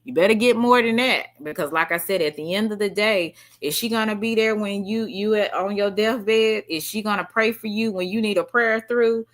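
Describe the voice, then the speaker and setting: A woman hosting a livestream, chatting casually and reading out viewer comments in an animated, slangy way. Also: medium pitch, normal speed, hardly any pauses. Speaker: livestream host.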